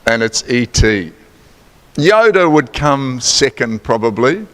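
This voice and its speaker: New Zealand man preaching, animated and playful, slow and deliberate, long church reverb. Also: medium pitch. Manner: animated, chatty, playful teasing. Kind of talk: sermon with quiz and asides. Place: church sanctuary.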